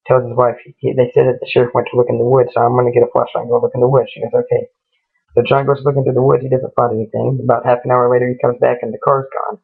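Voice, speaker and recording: A man's voice: mid-range voice, creaky. A man casually telling a ghost story in a rambling way, retelling each exchange with "he goes" and "she goes". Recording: tinny lo-fi phone-like recording.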